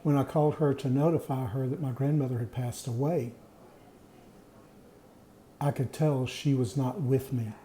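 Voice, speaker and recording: Middle-aged man, reflective storyteller, dark warm timbre, roomy echo. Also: mid-range voice, steady tone, slight background noise. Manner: earnest, reflective, plain-spoken with pauses. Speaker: vlogger sharing personal experience. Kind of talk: personal storytelling monologue. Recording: echoey room.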